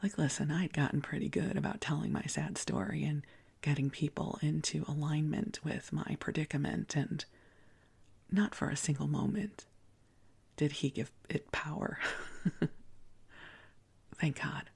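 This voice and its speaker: A woman in her sixties, a podcast host, telling a personal story in a soft, breathy near-whisper with a gentle, confiding manner. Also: low-pitched, fairly even intonation, unhurried, long pauses. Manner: gentle and confiding, with small restarts.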